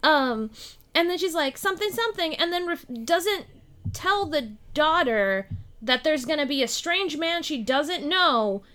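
A woman in casual chat about a movie, animated and swearing, acting out lines from it. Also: high voice, unhurried.

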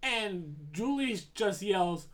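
A young man walks through a film's plot in a loose, conversational way, leaning on fillers and restarts. His voice sits a little high for a man. He speaks casually and unscripted. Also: animated, takes it slowly, over a noisy crowd. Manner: rambling storyteller with many fillers. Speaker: podcast host recapping a film. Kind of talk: casual chat, retelling a movie plot.

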